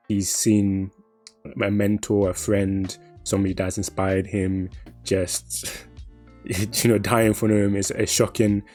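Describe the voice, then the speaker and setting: A man with a low, flat voice talks in a measured, reflective way, often pausing on fillers. He leads the podcast chat, and faint music plays underneath. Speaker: podcast co-host. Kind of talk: casual anime discussion.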